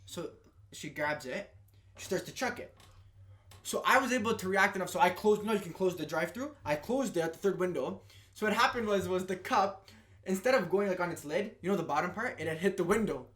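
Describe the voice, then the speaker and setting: A young man, a podcast guest, telling stories in a casual and animated way. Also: high-pitched, fairly quick. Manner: animated, laughing storyteller. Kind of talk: casual storytelling.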